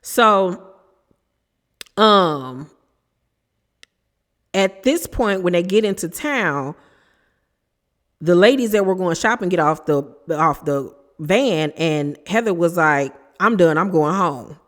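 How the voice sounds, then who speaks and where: A woman's voice: on the low side, expressive, takes it slowly, pauses often, fairly bright tone, big-room sound. A woman hosting a casual, opinionated recap of a reality show, talking in a chatty, emphatic way with sassy asides.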